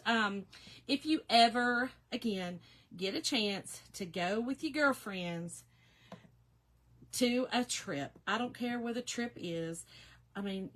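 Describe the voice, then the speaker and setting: A woman's voice: medium pitch, sharp tone. A woman with a slightly nasal voice, chatting casually on a craft livestream and greeting viewers. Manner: chatty, emotional, reads viewer comments aloud.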